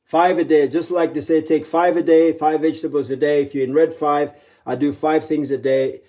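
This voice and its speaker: A man giving a live motivational talk, emphatic and repeating key phrases, acting out quoted voices with sudden jumps in pitch. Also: little pitch movement, normal speed, mellow. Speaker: motivational speaker.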